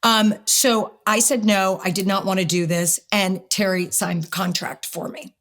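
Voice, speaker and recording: A middle-aged woman telling a personal story as an interview guest, lively and quick to act out what people said. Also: mid-range voice. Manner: animated storyteller, acts out quotes.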